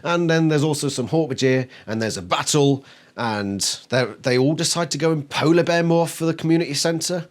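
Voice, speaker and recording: A man's voice: on the high side, normal speed. A man reviewing a book on camera, exasperated and swearing constantly, mocking the characters by acting out their lines. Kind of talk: ranting video review.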